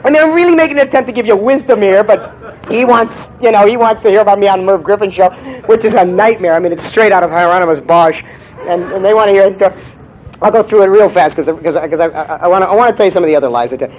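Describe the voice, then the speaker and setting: A man's voice: high voice, quick pace, poor audio. A man giving a comic lecture as a writer, brash and profane, rambling with stammered restarts.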